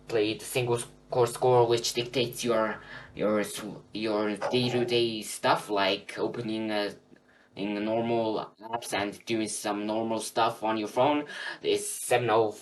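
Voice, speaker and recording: Young guy rambling thru a phone review, lots of uhs, kinda far from the mic, faint hum. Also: mid-range voice. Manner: rambling, many fillers and restarts. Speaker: tech reviewer. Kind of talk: casual unscripted phone review. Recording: slightly distant with faint hum.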